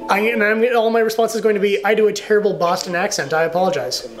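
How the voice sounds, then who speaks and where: A man's voice: high-pitched, steady tone, quick pace, faint music behind. A man co-hosting a casual sports chat, rambling and laughing often as he talks over a live game. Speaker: podcast co-host.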